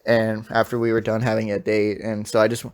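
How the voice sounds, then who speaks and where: A man's voice: fairly low pitch, monotone, a little fast, clean tone. Young male podcast co-host, rambling storyteller, casual, swears a lot. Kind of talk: casual chat.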